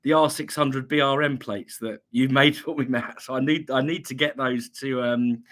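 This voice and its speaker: A man's voice: medium pitch, fairly even intonation, normal speed, a bit bright. A man from England hosting a casual livestream, reading chat messages aloud and chatting back with many ums and restarts, a slight cough lingering. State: slight cough, recovering from illness.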